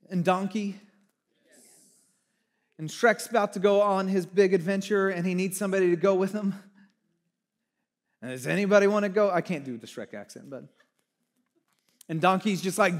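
A man preaching a sermon as pastor, talking conversationally, moving between hushed reflection and fervent emphasis, with casual asides to the congregation. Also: high voice, moderate pace, pauses often. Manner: casual asides with audience check-ins.

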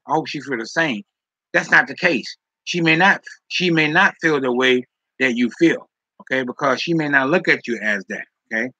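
Bright-voiced man preaching dating advice. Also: on the high side, no echo, muffled recording. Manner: preachy, repeats "okay?" and "all right?". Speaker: live stream host giving dating advice. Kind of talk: casual live stream talk, reading chat comments.

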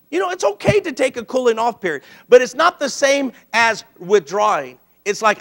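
A middle-aged man preaches a sermon in a high, bright voice with a gravelly edge. He tells stories lively and animated, slipping into the voices of the people he quotes. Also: moderate pace, few pauses. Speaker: pastor.

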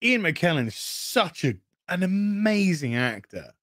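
A man's voice: high-pitched, very animated, a little slow, fairly bright tone, dry recording, studio quality. A man chatting as a guest, enthusiastic and repeating himself as he gushes. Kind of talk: casual chat.

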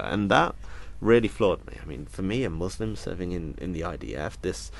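Speaking to an interviewer, a young British man uses a very low voice with vocal fry, expressive, earnest, and reflective. He often falters and restarts, pausing to relay the words of people he met.

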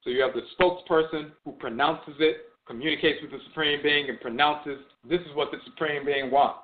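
A man's voice: on the high side, fairly even intonation, fairly quick. A man giving a spoken lecture on religion, repeating key terms for emphasis as he explains words. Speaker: teacher of religion and language. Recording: tinny phone-like audio.

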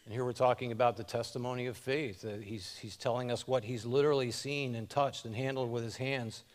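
A man preaching a sermon as pastor, reading scripture aloud and speaking in short, measured phrases with rising emphasis. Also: mid-range voice, fairly even intonation.

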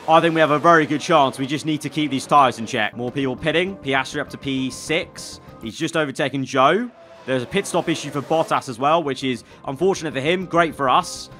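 A young man commentating live as he plays a racing management game, excitable and talking to himself. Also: a little high, a little fast, faint music behind. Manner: excitable, talks to himself while managing the race. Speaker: gaming YouTuber.

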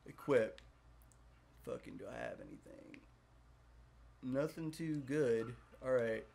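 A man's voice: mid-range voice, takes it slowly, creaky, darkish tone. A young man casually commenting while he plays a video game, swearing often and chatting with viewers. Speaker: gaming video host.

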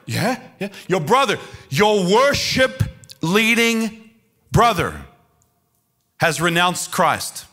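A man's voice: very animated, a little slow, few pauses, heavily acted. A man putting on a frantic screaming mum. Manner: shrill, frantic. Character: panicked mother screaming news over the phone.

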